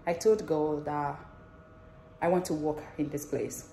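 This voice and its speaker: A woman nurse in a casual vlog, sharing her news excitedly and laughing often as she talks straight to her viewers. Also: deep voice, a little slow, long pauses, slight background noise. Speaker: nurse and theatre manager.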